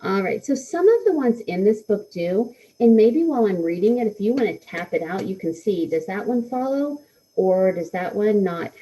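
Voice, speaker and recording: A woman's voice: mid-range voice, expressive, normal speed, warm tone, poor audio. A woman teaching a live lesson to schoolchildren, encouraging them and answering their comments with frequent ums. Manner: encouraging, answers students' comments with many fillers. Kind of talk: live read-aloud lesson to a class.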